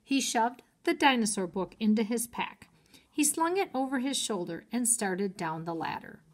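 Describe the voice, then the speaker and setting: A woman's voice: on the high side, animated. A woman teacher reading a chapter book aloud to children and stopping to explain words. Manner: slow and clear, explaining words. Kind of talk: read-aloud storytime for children.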